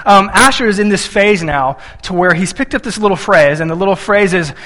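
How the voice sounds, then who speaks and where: A man's voice: sits high, fast talker, few pauses, bright, forceful tone, long reverb tail. A man in his thirties preaching a sermon, telling family stories and acting out little voices when he quotes his son and wife. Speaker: pastor.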